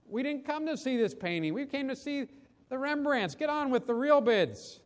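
A preacher putting on an angry rich bidder who shouts impatiently in a strained, high voice. The voice echoes through a large hall with a long reverb. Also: male voice, expressive, normal speed.

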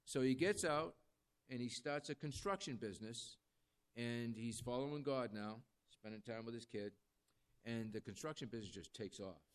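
A man's voice: mid-range voice, normal speed, clean tone. A man who works as a jail chaplain, telling a story in sermon style and acting out the people he quotes. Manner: animated storyteller quoting others in lively voices.

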